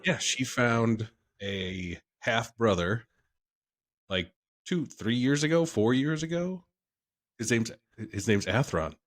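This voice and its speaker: A man in his thirties co-hosts a podcast, his medium-pitched voice animated though he takes his time. The chat is casual, jokey and meandering, and he trails off and restarts.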